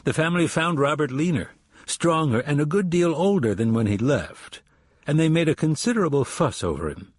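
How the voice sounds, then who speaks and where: Husky male audiobook narrator. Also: a little high, animated, fairly quick, no echo, clean studio sound. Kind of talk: scripted narration.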